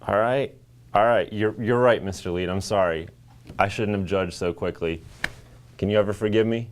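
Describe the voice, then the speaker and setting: A man's voice: low voice, moderate pace. A teenage male student news co-anchor playing the polite, exasperated straight man in scripted banter.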